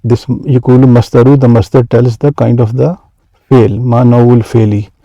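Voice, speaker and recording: Male teacher, dark mellow voice, halting delivery full of fillers, dry close recording. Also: medium pitch, little pitch movement, no room sound, muffled recording. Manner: hesitant, many fillers and restarts, reads Arabic quickly then translates. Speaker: Arabic grammar teacher. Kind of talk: explaining lesson examples.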